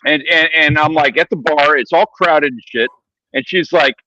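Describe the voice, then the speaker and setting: A man's voice: on the high side, moderate pace, sharp tone, no room sound, muffled recording. A man co-hosting a casual chat, telling a profane story. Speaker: co-host.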